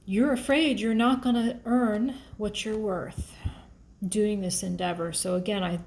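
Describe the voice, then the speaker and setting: A woman's voice: mid-range voice, vocal fry, a little mellow, slight background noise. A woman giving a casual, emotional tarot reading, thinking aloud as she shuffles and pulls cards. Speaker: tarot reader.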